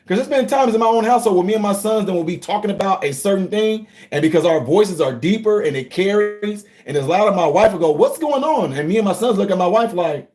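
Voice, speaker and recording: Animated middle-aged man, high voice. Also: quick pace, hardly any pauses. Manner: animated, talks straight to viewers, swings from low to high shouts. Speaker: livestream host. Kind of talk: casual livestream commentary.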